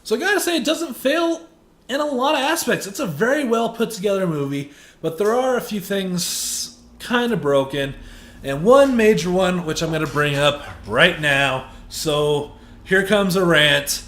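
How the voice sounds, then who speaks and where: A man giving a heated, profane movie review that builds into shouted rants. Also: sits high, lively intonation, unhurried. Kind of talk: ranting film review. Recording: echoey room.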